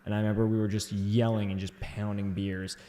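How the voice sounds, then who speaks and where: A young man co-hosting a casual late-night chat, telling stories excitedly with loud whoops. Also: on the low side, brisk. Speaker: comedian co-host. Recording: echoey room.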